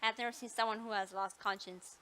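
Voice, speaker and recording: A woman's voice: mid-range voice, fairly even intonation, fast, sharp tone. A woman playing a visual novel, reading the story aloud and breaking off with apologetic, joking asides. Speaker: video game player.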